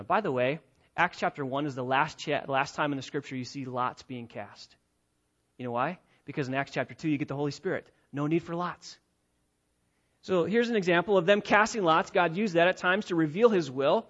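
A man preaching an expository sermon, emphatic and repetitive, swinging between loud and quiet. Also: a little high, muffled recording.

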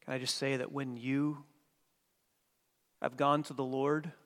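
A man preaching a sermon as pastor, dynamic, swinging from hushed passages to emphatic ones. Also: medium pitch, little pitch movement, measured pace. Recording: long hall reverb.

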